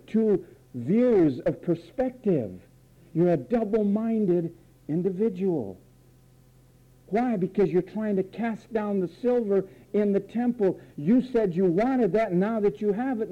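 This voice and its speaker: A man's voice: high-pitched, muffled recording. A man preaching a sermon, theatrical, acting out voices and repeating phrases for effect.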